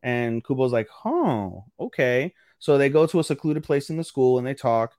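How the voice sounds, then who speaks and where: A man co-hosting a casual podcast, recapping an anime episode with lively acted-out quotes and casual swearing. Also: medium pitch, a little fast, smooth, dry recording, studio quality. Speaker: podcast co-host. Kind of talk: casual anime review chat.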